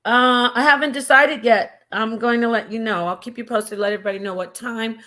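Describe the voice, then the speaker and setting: A woman's voice: fairly high pitch, fairly even intonation, a little fast, sharp tone. A woman hosting a casual live stream, chatty and digressive, talking to her viewers like family. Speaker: livestream host.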